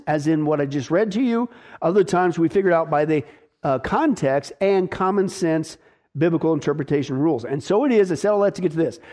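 A man's voice: on the high side, a little mellow. A male pastor preaching an emphatic, folksy sermon, full of restarts and playful asides.

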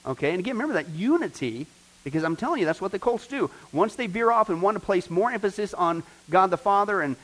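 A man's voice: sits high, animated, quick pace, rough recording. A man, a pastor, teaching a Bible study class, punching key words and quizzing the class with questions he answers himself. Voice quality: emphatic, stresses key words loudly.

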